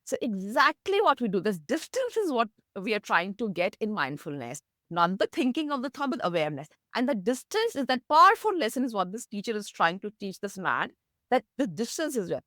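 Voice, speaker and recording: A woman, a meditation teacher, explaining mindfulness through gentle stories in an interview. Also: a little fast, no room sound, clean studio sound. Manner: gentle storytelling, lively pitch, laughs softly.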